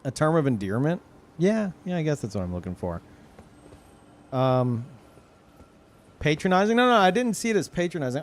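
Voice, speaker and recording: A man streaming a video game, chatting casually, rambling and searching for words with swearing and quick laughs. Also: on the high side, big pitch swings. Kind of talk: casual chat while gaming.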